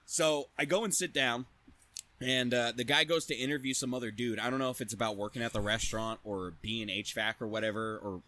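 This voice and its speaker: A young man co-hosting a podcast, telling a profane, animated anecdote in casual chat. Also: mid-range voice, brisk. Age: young adult. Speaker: podcast co-host. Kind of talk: casual storytelling.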